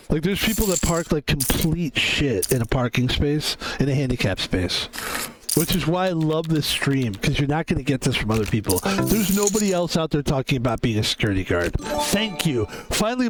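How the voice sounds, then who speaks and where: A man's voice: fairly high pitch, background noise. A man streaming a game and chatting casually, rambling and profane with lots of filler words. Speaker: streamer and security guard.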